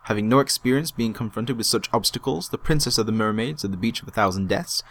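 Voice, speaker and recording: Low-voiced man narrating a story. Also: quick pace, a bit bright.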